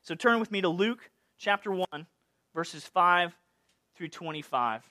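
Pastor guy preaching, fairly high voice, jokey and lively with the congregation. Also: measured pace. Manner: playful, animated, chatty asides. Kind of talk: sermon.

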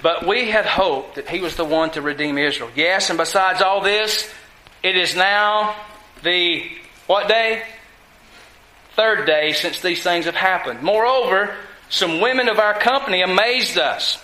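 A man's voice: high voice, a little slow, sharp tone, roomy sound, a little hiss or hum, poor audio. A man teaching a sermon on a Bible passage, reading verses aloud and talking to the room in a conversational way. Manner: conversational, checks in with listeners; reads scripture aloud. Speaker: preacher.

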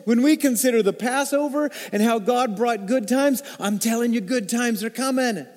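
A man preaching a sermon as pastor, swinging between loud emphasis and hushed, low asides. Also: normal speed. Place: church sanctuary. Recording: long hall reverb.

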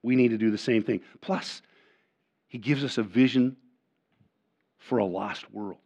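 An older man preaching a sermon as pastor. He often repeats and restarts words, and he swings between loud, emphatic lines and quiet asides. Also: mid-range voice, unhurried. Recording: dull lo-fi sermon recording.

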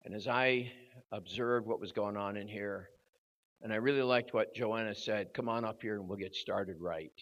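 An older man preaching at a youth service, telling a story with growing drama and shouting at its peak. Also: on the low side, moderate pace. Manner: animated storyteller, voice rising to shouts at the climax. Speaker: guest preacher. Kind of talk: storytelling sermon. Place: church hall at a youth service. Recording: dull lo-fi recording.

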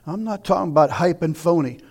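A middle-aged male pastor preaching a sermon, telling stories and asking questions, dropping to near whispers and rising to shouts. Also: fairly high pitch, brisk. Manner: dramatic, swings from hushed near-whispers to shouting; conversational storytelling with rhetorical questions.

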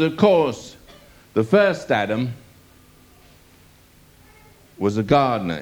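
A man preaching a sermon, reading a scripture passage aloud and asking his listeners rhetorical questions. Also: mid-range voice. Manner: animated delivery with rhetorical questions to the audience.

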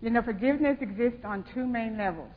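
A woman co-leading a sermon, calmly explaining and answering with amens. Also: a little high, fast talker. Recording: dull sound with long hall reverb and faint noise.

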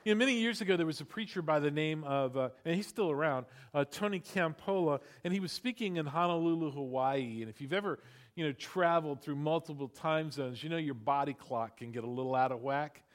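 A middle-aged man preaching a sermon in a lively, conversational way, with frequent asides to the congregation. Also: a little high, brisk. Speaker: pastor. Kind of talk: sermon with storytelling.

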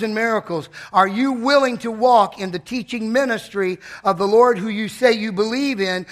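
Fired-up preacher guy in church, high-ish voice, bright and punchy, yells out bits of the sermon. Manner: impassioned preaching with sudden loud shouted bursts.

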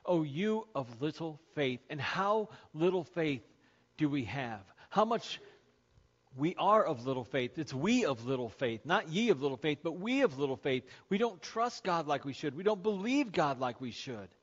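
A man's voice: on the high side, very animated, moderate pace, slightly rough, dull audio. A man preaching a sermon as pastor to his congregation, conversational and joking with them. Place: church sanctuary.

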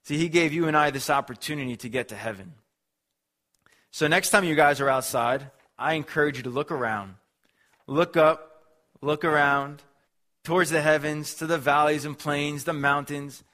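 A man's voice: fairly high pitch, normal speed, pushed and bright. A man preaching a sermon as a pastor, earnest and emphatic, building on repeated phrases.

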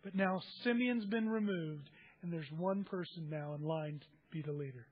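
Man preaching, high voice, phone-like tinny sound, reads scripture and explains it. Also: moderate pace, a little hiss or hum. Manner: reads scripture then explains it with everyday examples. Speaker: pastor. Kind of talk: sermon.

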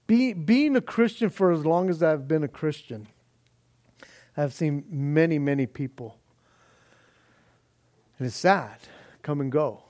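A man's voice: medium pitch, a little mellow. A male pastor giving a sermon in a folksy, conversational way, explaining his passage at length. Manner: folksy, conversational, says "man" often; explains word meanings in long lists.

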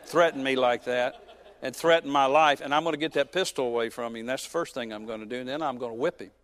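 A man in his fifties, a pastor preaching a sermon who tells a personal story with joking asides and swings between loud and soft. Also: mid-range voice, fast talker.

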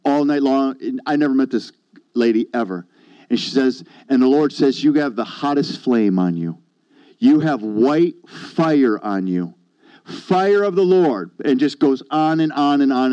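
A man's voice: medium pitch, dark tone, no room sound, highs cut off. A man preaching a sermon, telling a personal testimony in a conversational storytelling way and acting out what others said to him. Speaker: pastor.

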